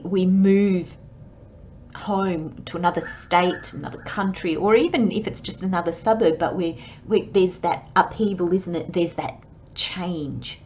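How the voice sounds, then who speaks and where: Woman, tarot reader, unhurried, rambling, a bit muffled. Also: fairly low pitch, darkish tone, a little hiss or hum. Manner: chatty, acts out worried inner voices, frequent fillers. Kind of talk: monthly tarot reading monologue.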